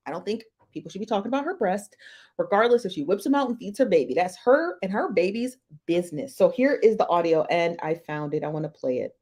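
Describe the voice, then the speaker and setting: A woman's voice: medium pitch, a little mellow. Chatty woman hosting a live stream. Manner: chatty, greets viewers by name, slangy asides. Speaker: host of a live-stream reaction show. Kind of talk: casual live-stream chat. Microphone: desk mic, close.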